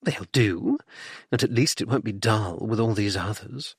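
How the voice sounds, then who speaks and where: A man's voice: fairly low pitch, a little slow, gravelly, breathy edge, no echo, clean studio sound, full character voice. A man voicing a composed, tactful middle-aged duchess in an audiobook, polite with a tart edge.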